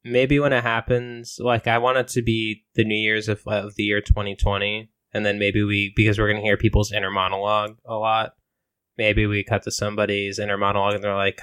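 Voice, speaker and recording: A man with a fairly low voice who pitches story ideas in a relaxed chat. He sounds hesitant and fills his sentences with ums and likes. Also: fairly quick, clean tone, no echo. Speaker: co-writer brainstorming a story. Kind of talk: casual chat.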